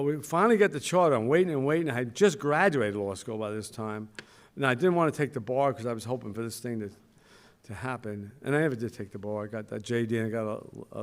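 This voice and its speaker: An older man giving an anecdotal ceremony speech as a school founder, storytelling with self-mocking humor and acting out quoted voices. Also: medium pitch.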